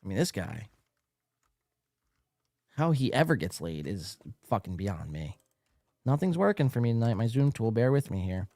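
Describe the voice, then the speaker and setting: Tired late at night, a male podcast host gives loud, profane, mocking commentary on a live stream and laughs often. His lowish voice is sing-song at normal speed, broken by long pauses. The studio-quality recording has no echo.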